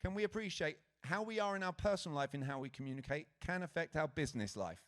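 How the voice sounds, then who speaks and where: Man, Britain-raised, slightly high voice, energetic conference speaker, audience-interactive. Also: fast talker. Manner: lively, engaging the crowd with questions. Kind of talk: motivational stage talk to an audience. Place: conference stage before a live audience. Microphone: handheld stage mic.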